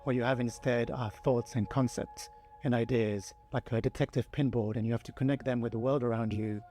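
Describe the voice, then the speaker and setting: A man, a game studio co-founder, presenting in a measured, scripted way. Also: mid-range voice, fairly even intonation, warm tone, faint music behind. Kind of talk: pre-recorded developer presentation.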